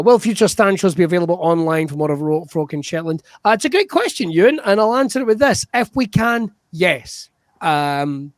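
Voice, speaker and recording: An upbeat man hosts a live online comedy show from a video call, speaking high and bright. His sound is close and dry, and he chats and laughs easily between games. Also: no room sound. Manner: upbeat, chatty, laughs often.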